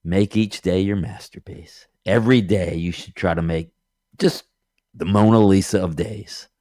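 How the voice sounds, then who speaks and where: A man co-hosting a sports radio show, lively and laughing as he retells clips and stories. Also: low voice, normal speed, no echo, studio quality. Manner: animated, laughing, retells with impressions. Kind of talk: sports talk radio banter. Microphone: studio microphone.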